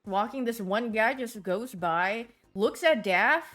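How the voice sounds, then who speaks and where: Bubbly high-voiced young woman streamer. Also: expressive, takes it slowly, fairly bright tone. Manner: bubbly rambling storyteller, laughs often. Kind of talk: casual livestream chat, answering viewers.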